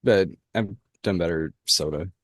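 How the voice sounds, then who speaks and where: A deep-voiced man, talking casually as a podcast co-host. His voice is low and a little husky, recorded dry and close, and he answers in short, easygoing remarks. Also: moderate pace, dry recording. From Indiana. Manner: easygoing, brief replies. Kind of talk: casual chat.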